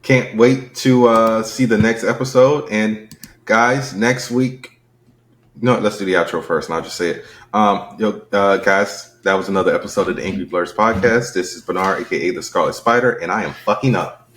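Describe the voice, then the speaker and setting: A man co-hosting a podcast in casual chat, with expressive, joking banter. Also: fairly low pitch, moderate pace, echoey room. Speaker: podcast co-host.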